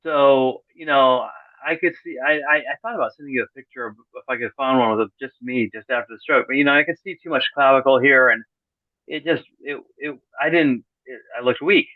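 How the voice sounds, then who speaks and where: A middle-aged man appears as a guest on a podcast, talking in a loose, rambling way, often restarting sentences and slipping in deadpan sarcasm. The audio is tinny and phone-like with no room echo, and his medium-pitched voice moves briskly.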